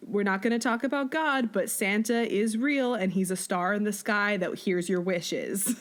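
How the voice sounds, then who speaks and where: A young woman co-hosting a podcast, chatting casually and laughing as she quickly recaps a film. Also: medium pitch. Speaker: podcast co-host. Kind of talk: casual chat.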